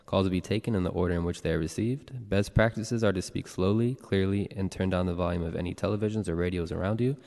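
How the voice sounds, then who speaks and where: A male clerk calling the roll and reading procedural announcements in a city hall chamber, even and formal. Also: low voice, fast talker, creaky, few pauses. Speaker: board clerk. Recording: long reverb of a large chamber.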